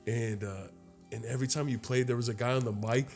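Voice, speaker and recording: A young man tells a long story on a casual podcast, cursing freely and jumping into the voices of the people in it. His pitch sits in the middle for a man. Faint music plays under the talk. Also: brisk, creaky. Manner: profane, animated storytelling with acted-out quotes. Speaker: podcast co-host. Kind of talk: casual chat.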